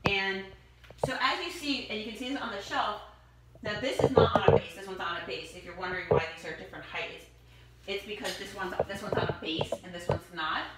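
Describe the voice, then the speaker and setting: Chatty woman showing products in an echoey room. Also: mid-range voice. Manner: enthusiastic, chatty, gushing over items. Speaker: product demonstrator. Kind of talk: casual product showcase. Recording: echoey room, distant mic, noisy.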